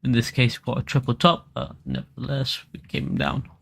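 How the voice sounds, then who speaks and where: A man's voice: medium pitch, big pitch swings, a little fast, gravelly, fairly bright tone, husky. A man giving casual live stream commentary on crypto charts as the analyst, rambling with lots of fillers and restarts.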